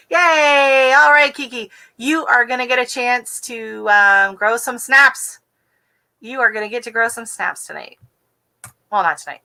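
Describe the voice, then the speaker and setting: A woman from the West Coast of the United States hosting a casual gardening livestream, talking quickly and chattily with easy giggles. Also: a little high, bright, forceful tone, rough recording. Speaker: gardening channel host.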